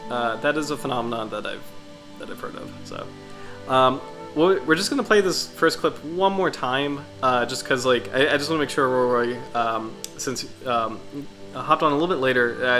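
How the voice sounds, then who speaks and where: A man's voice: mid-range voice, bright, forceful tone, rough recording. A congested, sniffly man hosting a casual livestream, rambling enthusiastically with many fillers and restarts. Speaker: livestream host.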